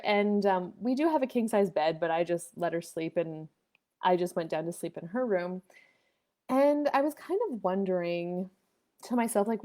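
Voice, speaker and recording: A woman's voice: medium pitch, normal speed, a little mellow. A woman hosting a live online coffee chat, telling a story casually with restarts and acted-out quoted dialogue.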